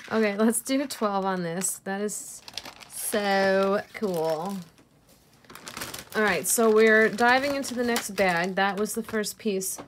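Female vlogger, unhurried and chatty, gushes and giggles; faint hum behind. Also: mid-range voice. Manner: gushing, chatty, laughs at herself. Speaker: jewelry reseller vlogger. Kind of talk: casual unboxing chat.

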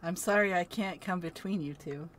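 Bright, giggly woman gaming on stream. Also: fairly low pitch, moderate pace. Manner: giggly, laughs often while playing. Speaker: game streamer. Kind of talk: casual gaming chat.

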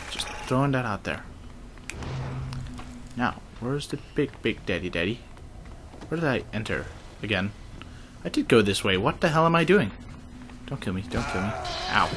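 Low-voiced, sarcastic gamer man. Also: background noise. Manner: excitable, sarcastic and swearing. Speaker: gaming video host. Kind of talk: casual let's-play commentary.

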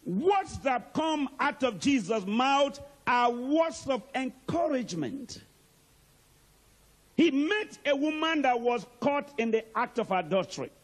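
A male preacher delivers an emphatic sermon and calls out to the congregation for answers. His voice is high and husky, and it swings widely in pitch. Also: animated, unhurried. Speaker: archbishop, preacher.

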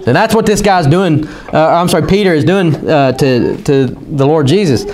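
This pastor, a man with a fairly high, slightly mellow voice at normal speed, delivers a church sermon. His folksy jokes give way to fervent preaching, and amens ring out from the congregation.

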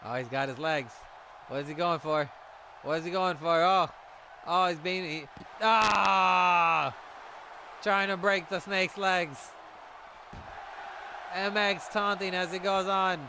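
A man giving excited play-by-play commentary on a wrestling video game match, shouting at the big moves. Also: sits high, slow pace, pauses often, a faint crowd, a little hiss or hum, poor audio.

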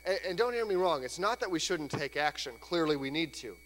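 Pastor preaching in a reverberant church. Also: male voice, on the high side, animated, brisk, a bit bright. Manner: conversational preaching, acts out quoted voices. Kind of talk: sermon. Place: church sanctuary. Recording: church hall reverb, faint hum.

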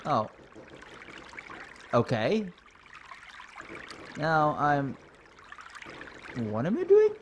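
A man's voice: on the high side, wildly swooping pitch, drawn-out words, long pauses, a little hiss or hum. A man giving chatty, reactive commentary while playing a video game. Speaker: let's play host. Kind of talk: let's play commentary.

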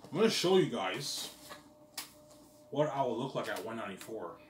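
A man's voice: medium pitch, very animated, moderate pace, reverberant, distant mic, slight background noise. A man talking casually to his viewers in a rambling, boastful, profane monologue. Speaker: vlogger.

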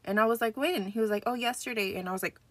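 A woman's voice: fairly high pitch, fast, no room sound. A young adult woman hosting a casual crafting vlog, gushing and chatty as she opens a package. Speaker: crafting channel host.

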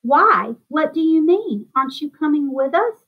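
A woman reading aloud and voicing a gruff, bossy male ship admiral who roars his orders in a storybook reading, on a dull, lo-fi recording. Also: very animated, moderate pace. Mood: hearty insistence. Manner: booming, insistent. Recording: dull lo-fi sound.

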